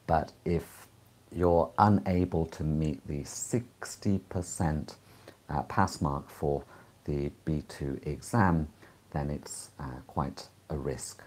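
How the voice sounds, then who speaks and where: A man teaching English exam preparation, explaining calmly with frequent short pauses. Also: a bass voice, husky. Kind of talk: live-streamed exam advice lesson.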